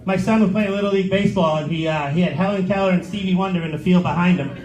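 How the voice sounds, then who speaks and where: Rapid-fire and high-pitched, a middle-aged man works a comedy club stage with crude, sarcastic tales, voicing the quotes as he goes. Heavy background noise fills the roomy space along with crowd laughter.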